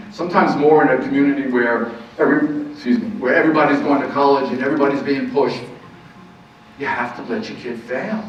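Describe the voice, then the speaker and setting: A man's voice: mid-range voice, slight background noise. Man, counselor lecturing on parenting, earnest, rhetorical questions, very echoey room, distant muffled mic. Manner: earnest, repeats key points, asks rhetorical questions. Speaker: counselor giving a parenting talk. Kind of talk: lecture to a live audience.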